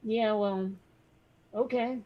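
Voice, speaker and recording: A woman's voice: a little high, steady tone, slow pace, lo-fi sound. A woman co-hosting a podcast in casual chat, blunt and wry, rambling through her thoughts. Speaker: podcast co-host.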